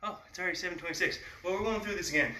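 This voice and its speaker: Give me a bright, breathless man coaching a workout. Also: high-pitched, racing. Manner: coaching cues and countdowns while exercising. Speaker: fitness trainer. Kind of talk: live online workout coaching. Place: indoor room at home. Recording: echoey room, distant mic, faint hiss.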